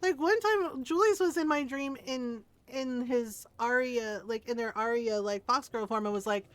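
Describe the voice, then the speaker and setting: A woman with a high, bright-pitched voice talks casually to her stream viewers. She tells a story in an animated way, with frequent laughter and the odd curse word. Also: moderate pace, no echo. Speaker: game streamer.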